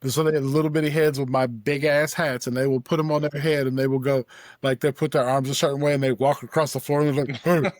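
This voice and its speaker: A man's voice: mid-range voice, flat delivery, fast, dry recording, clean studio sound. An older man co-hosting a podcast in casual chat, emphatic and often restarting his sentences. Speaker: podcast co-host.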